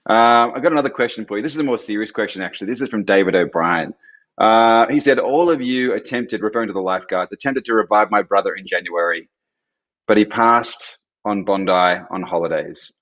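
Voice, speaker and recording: A man's voice: fairly low pitch, brisk, a bit bright, highs cut off. A man hosting a live stream, chatty, reading out viewer questions.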